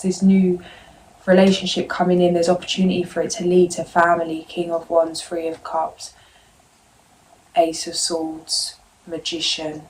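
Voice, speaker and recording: Low, flat-voiced woman reading tarot. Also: slight background noise, poor audio. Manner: gentle, meandering, reassuring, addressing viewers directly. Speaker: tarot reader.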